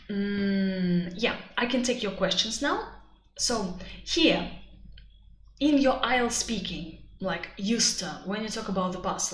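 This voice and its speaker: A woman with a Russian accent teaching a live webinar. She talks in an animated, chatty way and uses many fillers. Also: mid-range voice. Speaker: IELTS teacher. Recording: echoey room, faint background noise.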